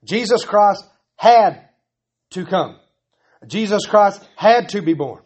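Male pastor, earnest repetitive sermon delivery, slightly high pitch. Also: expressive, takes it slowly, a little mellow, slightly rough. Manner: earnest, pleading, repetitive emphasis.

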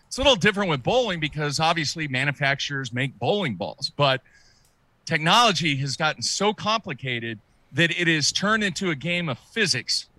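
A man in a casual chat, telling a story in an animated way and often repeating words as he goes. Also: fairly high pitch, dry recording. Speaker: podcast guest.

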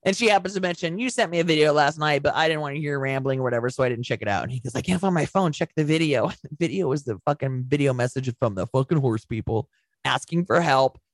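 With a low-sitting voice and a quick pace, this young woman recaps a film on the podcast she co-hosts. It's a loose, rambling chat full of swearing and frequent laughter, recorded with no room sound.

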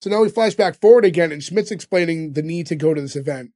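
A man's voice: fairly high pitch, fast, dark tone. A man hosting a casual podcast, recapping scenes with lots of ums. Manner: recaps scenes with filler ums and quoted lines. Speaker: podcast host recapping episodes.

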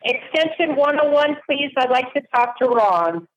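A woman with a fairly high voice talks on the phone in a blunt, irritated way. She comes across as a caller pushing to get her way. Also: expressive, normal speed, highs cut off. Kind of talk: phone call.

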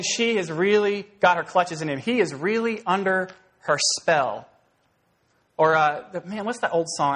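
A man preaching an expository sermon in a conversational, animated way, rising into emphatic bursts. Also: on the high side. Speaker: pastor.

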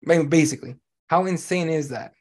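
A man's voice: on the high side, fairly quick. Profane, ranting male podcast host. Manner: blunt, profane, animated ranting. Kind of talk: casual sports chat.

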